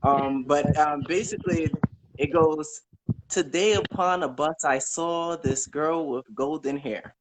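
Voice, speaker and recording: Slow, earnest man reciting poems. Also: fairly high pitch, background noise. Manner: earnest, unhurried, halting between verses. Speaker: caller. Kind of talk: reciting poems from memory on a live call.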